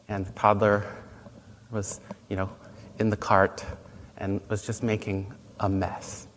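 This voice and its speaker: Slow, gentle male Buddhist teacher. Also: lowish voice. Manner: gentle, unhurried storytelling with pauses. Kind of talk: dharma talk. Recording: long reverb, faint noise.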